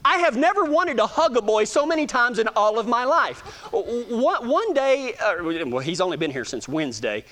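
A man's voice: extremely high pitch, sing-song, normal speed, pushed and bright. A man with a Texan accent, talking casually to a gathering in a folksy, self-joking way and often stammering and restarting his sentences. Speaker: speaker addressing a gathering. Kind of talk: casual storytelling talk to an audience.

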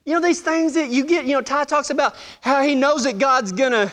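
A man's voice: very high-pitched, brisk, a bit bright. A man preaching a sermon, telling funny personal stories and acting out the voices in them with a self-deprecating humor.

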